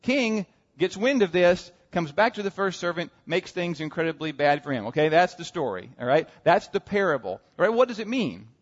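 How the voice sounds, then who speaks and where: Animated preacher in an echoing hall. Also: male voice, high voice, moderate pace, few pauses. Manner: animated storytelling with rhetorical questions. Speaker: pastor. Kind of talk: sermon. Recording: muffled sound with long hall reverb.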